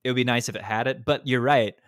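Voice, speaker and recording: A man co-hosting a casual gaming podcast, talking in animated rants full of restarts. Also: medium pitch, quick pace, no echo, studio quality. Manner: animated, ranting, lots of restarts. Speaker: podcast co-host.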